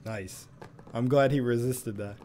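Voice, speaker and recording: A man reacting casually to a show, relaxed and swearing now and then. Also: medium pitch, measured pace. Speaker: reaction video host.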